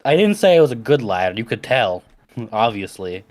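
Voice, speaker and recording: A man's voice: medium pitch, big pitch swings, moderate pace, a little mellow, no echo. A playful player whose mid-range voice moves up and down a lot as he jokes. He sounds close and dry. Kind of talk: casual chat at the game table.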